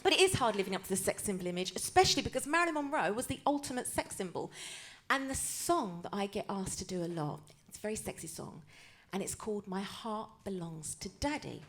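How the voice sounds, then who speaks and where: A woman's voice: medium pitch, lively intonation, brisk, hardly any pauses, fairly bright tone. A woman with a Cockney accent doing live stand-up storytelling on a cabaret stage, chatty and self-mocking. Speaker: comedian and tribute performer.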